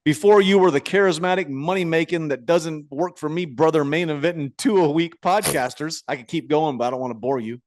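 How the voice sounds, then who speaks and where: A man's voice: on the high side, fairly quick, hardly any pauses, no room sound. A man in his forties co-hosting a casual podcast, reading listener emails and often breaking into laughter between stumbling restarts. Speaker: podcast co-host.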